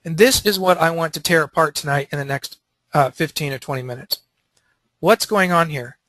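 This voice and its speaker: Animated man teaching, bright and dry. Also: on the high side, normal speed, no echo. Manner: animated, acts out quotes. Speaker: teacher leading a panel. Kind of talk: Christian teaching session.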